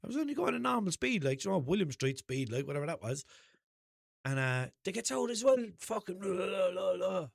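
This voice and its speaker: A man's voice: sits high, a little fast, gravelly, no room sound, clean studio sound. Limerick Irish man telling stories. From Ireland. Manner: animated, swears freely, acts out quoted exchanges. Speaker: podcast host. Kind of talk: casual storytelling monologue.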